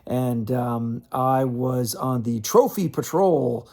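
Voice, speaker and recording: A man's voice: mid-range voice, lively intonation, slow pace, creaky, a little mellow. A man, a tennis magazine writer, telling a story in a casual, rambling way full of fillers and restarts.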